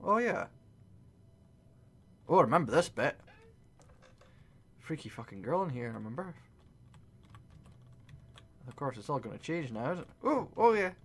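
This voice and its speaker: A young man commentating on a horror game, excitable, swearing constantly and yelping at scares. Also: medium pitch, moderate pace, long pauses, slightly rough. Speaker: gaming video creator.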